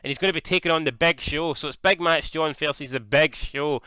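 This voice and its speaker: A young man from Scotland giving casual, jokey commentary on a wrestling video game, swearing freely and getting excited. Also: a little high, brisk, clean tone, dry recording. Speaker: gaming YouTuber.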